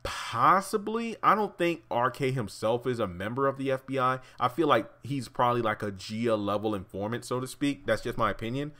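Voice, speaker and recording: A man's voice: mid-range voice, brisk, hardly any pauses, sharp tone. A man giving a casual fan-theory commentary on a TV drama, rambling and correcting himself, with wry asides. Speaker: YouTube TV commentator.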